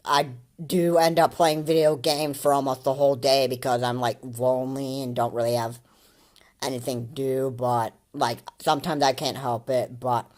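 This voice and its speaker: A man's voice: medium pitch, flat delivery, normal speed. A man giving casual, mocking commentary on a video, rambling with many fillers and restarts and laughing often.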